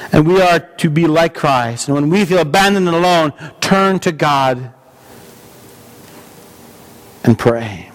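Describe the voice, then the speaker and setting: A male pastor preaching a sermon in an earnest, measured way, with small restarts. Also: a little high, expressive.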